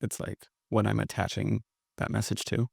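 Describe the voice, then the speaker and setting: A man's voice: lowish voice, little pitch movement, normal speed, gravelly, slightly rough, no room sound, clean studio sound. A man hosting a podcast who asks his questions hesitantly, searching for words with many fillers. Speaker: podcast host. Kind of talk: interview questions.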